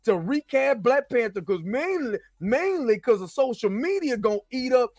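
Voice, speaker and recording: A man's voice: very high-pitched, expressive, normal speed, a little mellow, dry recording. A man hosting his own show, ranting animatedly about pop culture, repeating himself and swearing. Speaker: show host.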